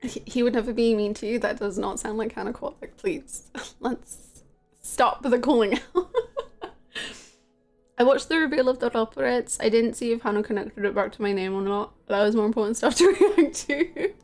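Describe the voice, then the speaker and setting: A woman with a fairly high voice chats casually on a live game stream, rambling and giggling as she talks to viewers. Soft music plays faintly behind her. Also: moderate pace.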